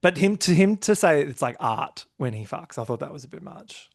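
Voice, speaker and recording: A man hosts a loose, casual podcast chat. His voice sits a little high with a gravelly, fry-laced edge. He is animated and quick to laugh, and he acts out what others said in big exaggerated voices. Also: dry recording, studio quality. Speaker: podcast host.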